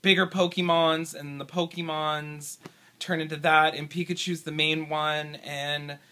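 A man's voice: a little high, level tone, a little slow, pushed and bright. A man answering a quiz on a home video, rambling, flustered and swearing a lot, recorded on a camera held by his partner.

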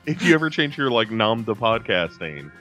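A low-pitched American man chatting loosely on a film podcast, rambling through his thoughts and restarting sentences as he goes. Soft music sits faintly underneath his voice. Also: sing-song, moderate pace. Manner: rambling, self-interrupting, chatty. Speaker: podcast co-host. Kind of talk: casual chat.

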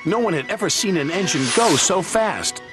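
A man narrating a children's story in a lively, expressive reading, with loud music underneath. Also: high voice, moderate pace.

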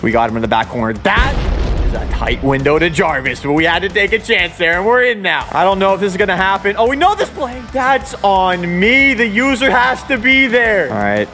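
Excitable young man calling his own game. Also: high voice, fairly quick, soft background music. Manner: excitable, swings between muttered asides and sudden shouts. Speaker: gaming YouTuber. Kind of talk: live commentary over his own football video game play.

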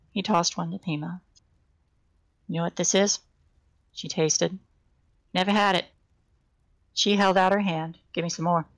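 A woman's voice: on the low side, rough recording. A woman casually reading a novel aloud on a live stream, giving the characters' lines small shifts in voice and sometimes stumbling and restarting. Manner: reads dialogue with small shifts for characters, occasional slips and restarts.

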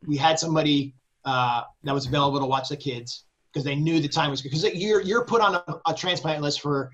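Man guest, casual storyteller, a touch high-pitched, animated with laughs and curses. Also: fairly quick, dull audio. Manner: animated, swearing freely, laughing between phrases. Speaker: guest composer.

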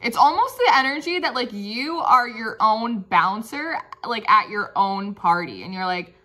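Playful tarot lady chatting to viewers, bright voice, kinda high. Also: animated, measured pace, faint music behind. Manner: playful, chatty, laughs often, sings snippets. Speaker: tarot reader. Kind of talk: casual tarot reading monologue.

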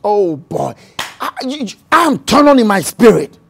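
A pastor preaching a sermon, acting out scripture scenes and repeating key phrases, swinging from loud bursts to hushed lines. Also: medium pitch, sing-song, measured pace, gravelly, slight background noise.

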